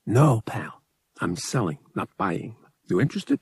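A man's voice: on the low side, sing-song, unhurried, slightly rough, no echo, clean studio sound, exaggerated voice. A man voicing a smug, impatient young male pilot who speaks in short, clipped lines. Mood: curt. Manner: curt, impatient.

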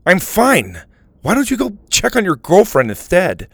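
A man's voice: medium pitch, big pitch swings, takes it slowly, dry recording, full character voice. A man reading a story voices a sulky, defensive teenage boy in pain.

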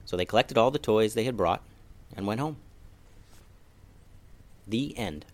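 A man telling a children's story with a very lively, sing-song pitch. His voice sits mid-range and gentle, rising and falling expressively as he reads to young listeners. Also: a little slow. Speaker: storyteller, podcast host.

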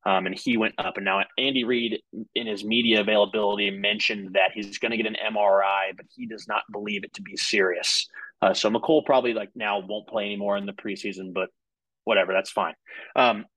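A man's voice: lowish voice, fairly even intonation, a little fast, a bit bright, no room sound, poor audio. A man co-hosting a casual sports podcast, talking in a loose, rambling way full of "like" and "uh" and swearing freely. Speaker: podcast co-host.

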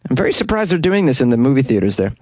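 A man riffs on quirky news items in a loose, joking way, with the odd swear word. His voice sits at an ordinary middle pitch. The recording is close and dry, with no room sound. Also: sing-song, rapid-fire, a little mellow, no room sound. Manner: joking, sarcastic, casual swearing. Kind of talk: casual commentary on news stories.

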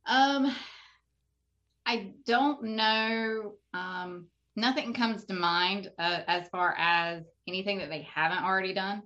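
A woman on a casual podcast, talking hesitantly with many ums and a deadpan humor. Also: mid-range voice, slow pace, lo-fi sound. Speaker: podcast co-host. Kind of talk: casual chat.

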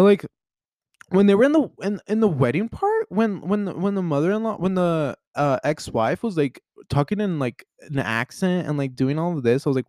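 A young man from the United States chats on his own podcast, rambling and playful, tripping into restarts and peppering every thought with "like." His voice sits at a middle pitch, and the recording is close and dry with no room sound. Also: darkish tone, dry recording. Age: young adult. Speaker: podcast host. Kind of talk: casual solo chat.

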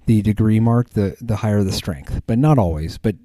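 A man's voice: fairly low pitch, normal speed, warm tone, dry recording. A man hosting a podcast, chatting casually in a rambling way with many ums and restarts. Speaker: podcast host. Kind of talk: casual chat.

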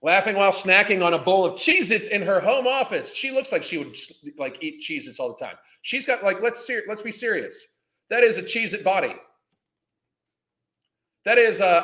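A man's voice: sits high, animated, normal speed, pushed and bright, reverberant. A man delivering an angry, profane reaction rant as a commentary host, hurling insults as he talks.

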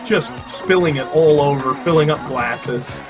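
A man's voice: on the high side, unhurried, over music. A man chatting casually while watching a movie, rambling with restarts and laughing at what he sees. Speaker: movie commentary co-host.

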